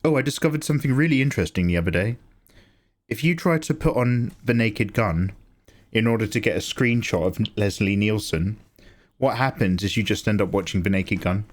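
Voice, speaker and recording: On a drawing livestream, a man with a lowish, brisk voice chats casually, joking and rambling through asides to his viewers.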